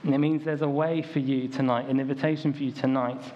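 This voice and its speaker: A young man from the United Kingdom preaches fast in a dark, medium-pitched voice with a level tone. He addresses the congregation casually, telling stories and filling gaps with ums and likes. The recording is dull and lo-fi, with faint ambient noise.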